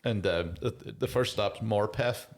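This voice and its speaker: A man's voice: on the low side, a little slow. A man, co-hosting a casual podcast, telling a rambling, self-deprecating story and laughing often. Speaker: podcast co-host.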